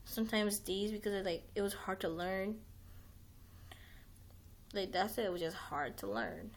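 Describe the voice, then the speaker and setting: A woman's voice: medium pitch, animated, unhurried. A young adult woman hosting a livestream, chatting casually in a rambling way, full of "like" and restarts, with some swearing. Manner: rambling, heavy use of "like", frequent restarts, swears. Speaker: livestream host.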